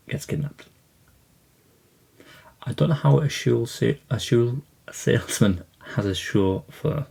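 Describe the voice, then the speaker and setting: A man's voice: mid-range voice, gravelly, dark tone. A man hosting a casual unboxing vlog about his film collection, talking in a rambling, hesitant way with lots of fillers and restarts.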